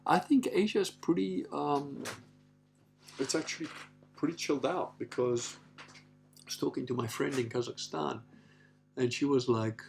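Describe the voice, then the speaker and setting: A man's voice: medium pitch, normal speed, creaky, pauses often, a little mellow, soft background music. A man hosting a casual livestream, reading out viewer comments and rambling on in a profane, offhand way with lots of filler words. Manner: rambling, profane, full of "you know" and "like".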